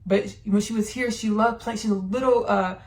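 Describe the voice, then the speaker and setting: A woman hosting a podcast, giving a channeled spiritual monologue and sharing personal thoughts in a slow, drawn-out, meditative way. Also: mid-range voice, steady tone, darkish tone. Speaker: podcast host.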